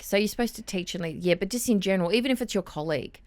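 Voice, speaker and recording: A woman's voice: medium pitch, very fast, darkish tone, no room sound. A woman from Australia in her forties or older, a blunt, straight-shooting interview guest who acts out workplace exchanges. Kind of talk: interview chat.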